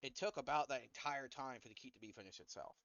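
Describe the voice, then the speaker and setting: A man's voice: medium pitch, fast, fairly bright tone, no echo, muffled recording. A man acting as game master, making casual rulings in a tabletop game session. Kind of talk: running a tabletop game over voice chat.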